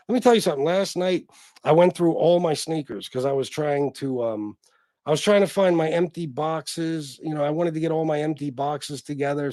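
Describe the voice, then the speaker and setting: A man's voice: medium pitch, a little mellow, dry recording, clean studio sound. A man hosting a casual livestream, talking bluntly and crudely and rambling with lots of fillers. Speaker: livestream host.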